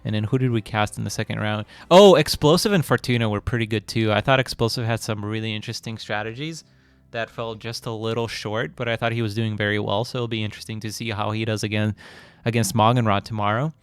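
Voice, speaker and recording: A man hosting a live esports cast in a relaxed, chatty way, laughing easily with his co-casters. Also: lowish voice, fast talker, clear, resonant tone, no echo. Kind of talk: casual live-stream casting chat.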